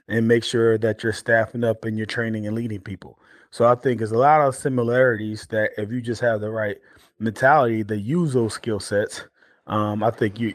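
A man in his forties, a guest on a podcast, telling stories in an animated way with many restarts and fillers. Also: fairly low pitch, no echo. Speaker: guest, former pro football player turned entrepreneur. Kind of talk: storytelling podcast interview.

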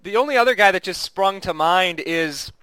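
A man's voice: high-pitched, animated, normal speed, sharp tone, smooth, dry recording. A man co-hosting a casual podcast chat, rambling with restarts and chuckling often. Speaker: podcast co-host.

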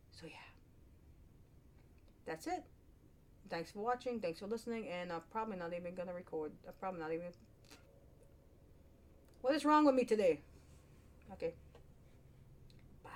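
A woman with a somewhat low-pitched voice chats to her camera at home. Her talk wanders playfully from thought to thought, and she laughs easily as she goes. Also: darkish tone. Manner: rambling and playful, laughs often. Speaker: vlogger. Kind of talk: casual self-recorded monologue.

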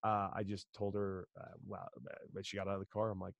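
A man's voice: deep voice, monotone, brisk, creaky, no room sound, highs cut off. A man from Los Angeles, a former baseball player, telling a story in a casual interview, acting out the dialogue and swearing freely. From Los Angeles, United States.

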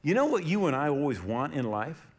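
Animated, fairly high-voiced male pastor. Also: fairly quick. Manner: animated storytelling, acts out quoted voices loudly. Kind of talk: sermon.

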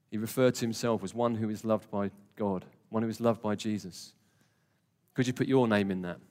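This sermon comes from a man whose voice is lowish and a little mellow. Addressing the congregation in a church hall, he sounds earnest and conversational, asking them questions as he goes, all under a long hall reverb.

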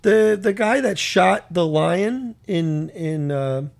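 A man's voice: high-pitched, animated, takes it slowly, vocal fry, a little mellow. A man co-hosting a casual chat, telling stories and often searching for words. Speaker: podcast co-host.

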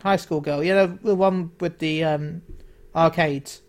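A man's voice: fairly high pitch, fairly even intonation, unhurried. A man co-hosting a casual podcast chat, hesitant, with many fillers. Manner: hesitant, lots of uh and um. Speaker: podcast co-host.

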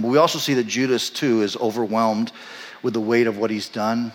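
A male pastor preaching a sermon, telling the story in an animated way and acting out the quoted voices, then dropping soft and low for reflective moments. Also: a little fast. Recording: long hall reverb.

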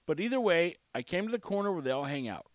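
A male show host tells a rambling story into a close mic, wry and self-mocking in a casual storytelling monologue. His voice is high with big pitch swings, he talks fast, and there's no echo.

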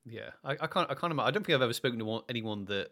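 A man hosting a podcast, talking excitably in casual chat and tripping over his own restarts. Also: medium pitch, rapid-fire. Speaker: podcast host.

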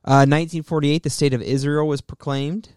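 A man co-hosting a local radio show, talking in a relaxed, chatty way with many fillers and restarts. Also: on the high side, fairly quick, clear, resonant tone, no room sound, studio quality. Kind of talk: casual local radio chat.

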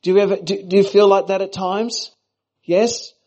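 Guest preacher, Australian man, middle-aged, somewhat high voice, conversational and playful sermon delivery. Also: fairly even intonation, moderate pace, mellow, low-quality recording. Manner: playful, conversational asides to the congregation.

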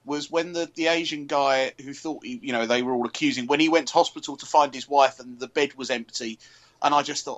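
A man co-hosting a TV review podcast, giving long, halting opinions in casual chat. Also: mid-range voice, steady tone, fairly bright tone, lo-fi sound. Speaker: TV reviewer co-host.

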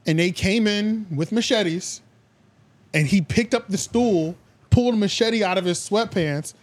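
A man from the United States co-hosting a casual podcast, telling stories with rising excitement and plenty of swearing. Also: high-pitched, unhurried. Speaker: podcast co-host.

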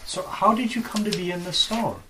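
A man's voice: sits high, fairly even intonation, brisk, bright, forceful tone, a little hiss or hum. Dry-witted man playing a tabletop game. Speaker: player. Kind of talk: in-character tabletop chat.

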